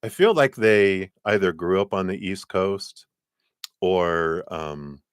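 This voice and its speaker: A man giving a live-streamed tarot reading in a chatty, animated way, laughing often as he tells stories. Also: deep voice, slow, clear, resonant tone, dry recording, studio quality. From lives in Colorado. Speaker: tarot card reader.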